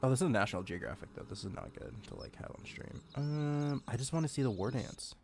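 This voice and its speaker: Excitable streamer, gushing, giggly, very lively voice, mid-pitched, livestream reaction chat. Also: fast talker, slight background noise.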